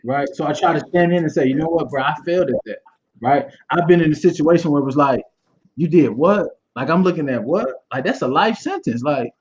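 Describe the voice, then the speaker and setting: Passionate man on a muffled stream. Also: a little high. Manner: passionate, conversational, loose repetitions and asides. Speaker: guest speaker. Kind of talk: candid motivational talk.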